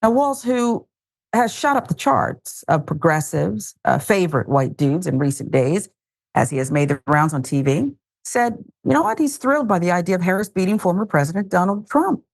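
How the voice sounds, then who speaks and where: A woman's voice: fairly low pitch, big pitch swings, moderate pace, vocal fry. A woman hosting a news commentary show, reading headlines casually with wry, joking asides.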